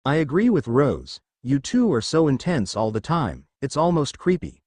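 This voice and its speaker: A teenage vampire boy with a Southern US drawl gives his blunt advice, as a man reads him. The voice rises and falls freely within an ordinary pitch, heard up close in a dry recording. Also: very animated, normal speed, darkish tone, dry recording. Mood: teasing.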